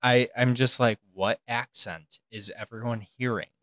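A man's voice: mid-range voice, fairly even intonation, a little slow, fairly bright tone, no room sound. Wry young American man, podcast co-host. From United States. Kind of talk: casual chat.

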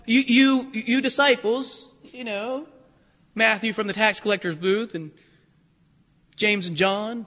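A man preaching a sermon, telling animated stories and acting out quotes. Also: high voice. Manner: animated storytelling with laughs and acted-out quotes. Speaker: pastor. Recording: long hall reverb.

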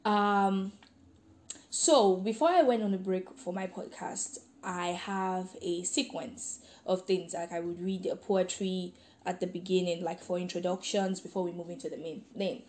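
Chatty young woman with a mellow voice. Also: fairly low pitch, steady tone, measured pace. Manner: chatty and giggly, reads a letter aloud with feeling. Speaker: podcast host. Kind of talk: casual podcast monologue.

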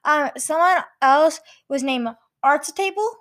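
A woman's voice: high-pitched, unhurried, fairly bright tone. A woman playing a rambling, silly charity founder in an improvised comedy sketch, dragging out her words.

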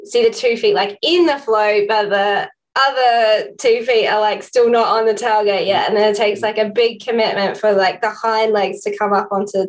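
A woman's voice: mid-range voice, fairly even intonation, normal speed, few pauses, rough recording. A woman hosting a podcast, talking casually about horse training and often filling her speech with "like". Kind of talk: conversational podcast chat.

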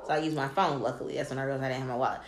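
A woman co-hosting a podcast, telling a long story in casual chat, animated and swearing freely as she quotes people. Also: a bass voice, racing. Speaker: podcast co-host. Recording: echoey room with faint noise.

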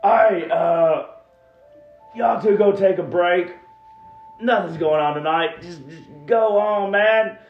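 A sly, jovial shapeshifter sweet-talking his way past the guards, pitched up and bright in tone, as a man voices him. The sound is roomy and dull, with faint music playing underneath. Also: slow. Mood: coaxing. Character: sly young man shifting into a Viking.

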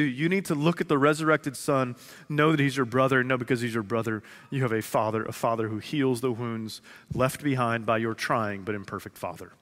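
A man in his thirties preaching a sermon to his congregation, earnest, repeating phrases slowly for emphasis and dropping from loud to hushed. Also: mid-range voice, steady tone. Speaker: pastor. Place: large church sanctuary. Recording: long reverb of a large hall.

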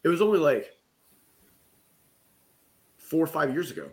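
A guest in a conversation, this middle-aged business coach has a slightly mellow voice on the high side. He sounds very animated but unhurried as he candidly tells an emotional personal story, often adding "right?".

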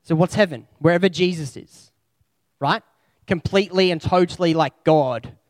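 A man's voice: fairly high pitch, moderate pace, dry recording. Man preaching a conversational sermon. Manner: conversational, reflective, with spoken lists.

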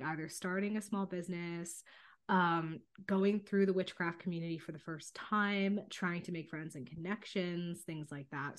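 A woman co-hosting a podcast in casual chat, upbeat and supportive, laughing often. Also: on the low side. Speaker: podcast co-host.

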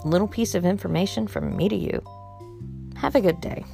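A woman's voice: on the low side, a little fast, vocal fry, over music. A woman talking casually to her viewers with a blunt, exasperated and outspoken manner. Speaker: vlogger warning about scams. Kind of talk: casual monologue to camera.

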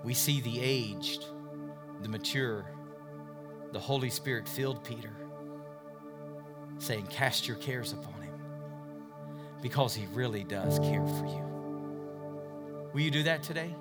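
A middle-aged male pastor preaching a sermon in a church, asking the congregation questions and swinging from loud, emphatic lines to hushed, near-whispered appeals. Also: mid-range voice, unhurried, long pauses, loud music behind the voice. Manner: asks the congregation questions and repeats words as he builds.

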